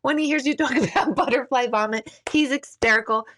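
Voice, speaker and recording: Giggly woman host, somewhat high voice, casual self-mocking live-stream chat with viewers. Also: fairly quick, fairly bright tone, slight background noise. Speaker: intuitive reader hosting a live stream.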